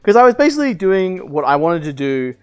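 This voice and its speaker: A man's voice: on the high side, big pitch swings, a little fast, clean tone. A young man streaming, casually telling a long story with lots of "like" fillers, swearing and laughter.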